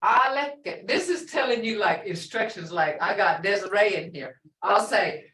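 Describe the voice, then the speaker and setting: A woman's voice: medium pitch, lively intonation, moderate pace, few pauses, a bit bright. An older woman teaching a language class, explaining phrases plainly with many examples and asides. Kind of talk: language lesson. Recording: roomy, from far off.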